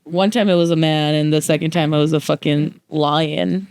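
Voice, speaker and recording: A young woman co-hosting a podcast, telling stories in casual chat, animated and swearing freely. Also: low voice, normal speed, creaky, smooth, dry recording, clean studio sound. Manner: animated storyteller, swears freely, acts out quotes. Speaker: podcast co-host.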